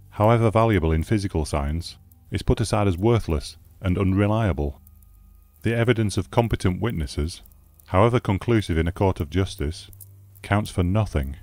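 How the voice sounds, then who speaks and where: Brief: man playing a low, dark-voiced embittered old scholar for an audiobook, declamatory. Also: dry recording, natural voice. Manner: measured, declamatory. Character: bitter aging male scholar, eloquent recluse. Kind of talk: audiobook character reading.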